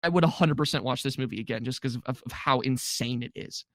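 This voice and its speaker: Quick-paced and a bit bright, a mid-range male voice belongs to a podcast co-host casually summarizing a film. Jokes and mocking character voices pepper his recap in this movie review chat, captured cleanly in a studio with no echo.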